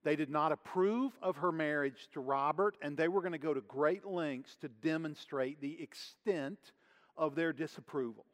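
A man preaching a sermon, telling a story in an earnest, measured way. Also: fairly high pitch. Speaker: pastor. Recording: hall reverb.

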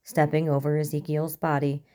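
Woman narrator, low voice, mellow tone, measured audiobook reading. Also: little pitch movement.

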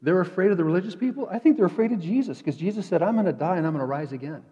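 A man preaching a sermon in a conversational way, dropping to quiet asides and rising to emphatic peaks. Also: sits high, animated, very fast, slightly rough. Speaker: pastor. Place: church sanctuary. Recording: dull echoey church hall.

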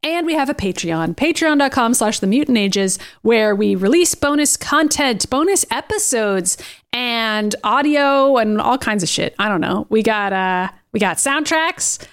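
A woman's voice: fairly high pitch, animated, measured pace. A woman co-hosting a podcast, chatty and upbeat in a casual chat, laughing easily. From Boston area. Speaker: podcast co-host.

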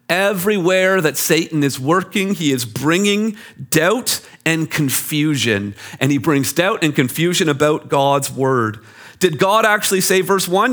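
A man preaching a sermon from Canada, animated and explaining scripture with everyday examples. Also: high-pitched. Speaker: pastor. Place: church.

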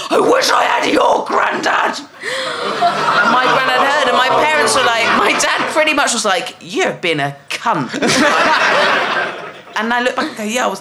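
A woman guest on a comedy panel, telling stories with animation and shouting out the punchlines. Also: mid-range voice. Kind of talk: comic storytelling. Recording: loud background noise.

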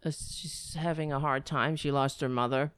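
A woman's voice: sits low, fairly even intonation, normal speed, a bit bright, clear, resonant tone, no room sound, clean studio sound. A woman hosting a political commentary livestream, sarcastic and rambling, breaking into mocking impressions. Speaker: livestream host.

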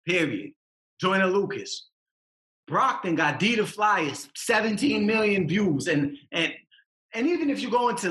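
A man's voice: high voice, pushed and bright, roomy sound. A man, a rapper talking as a podcast guest, passionate and emphatic with street slang. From Massachusetts. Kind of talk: casual podcast interview.

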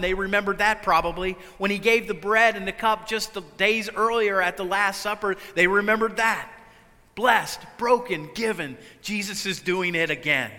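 A man preaching a sermon, swinging between loud, urgent lines and hushed, quiet ones. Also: high-pitched, big-room sound. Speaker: pastor.

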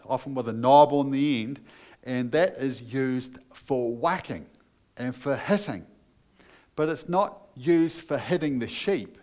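A man's voice: medium pitch, darkish tone. A man preaching a sermon as pastor, earnest and emphatic, putting questions to his listeners.

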